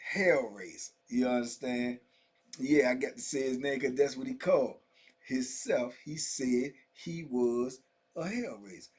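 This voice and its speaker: A man's voice: medium pitch, husky. Slangy middle-aged man telling stories. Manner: loose, slangy, full of "you know what I'm saying" asides. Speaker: storyteller recounting prison life. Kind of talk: casual first-person storytelling.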